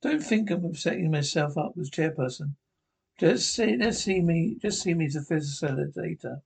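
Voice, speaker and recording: A pompous hologram officer. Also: male voice, on the high side, moderate pace, vocal fry, darkish tone, breathy edge. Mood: officious. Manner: prissy, officious and patronizing. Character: pompous, self-important male hologram officer. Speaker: ship crew member chairing a meeting. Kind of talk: scripted television sitcom acting.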